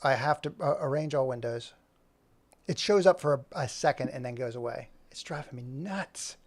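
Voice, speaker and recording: A man streaming his animation work, chatting casually and thinking aloud in a rambling, jokey, self-mocking way while he fumbles with his software. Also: medium pitch, moderate pace, no echo. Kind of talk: casual live-stream chat.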